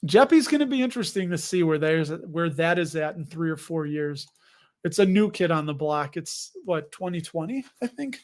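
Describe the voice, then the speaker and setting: A man's voice: on the high side, expressive, normal speed, darkish tone. A man hosting a casual livestream, chatting with viewers in a jokey, rambling way. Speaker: host.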